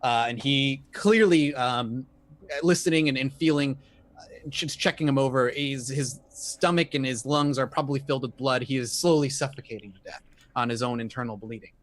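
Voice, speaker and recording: A man's voice: medium pitch, moderate pace, a bit bright. Man narrating as game master. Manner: descriptive, with frequent fillers. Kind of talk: narrating a tabletop horror game.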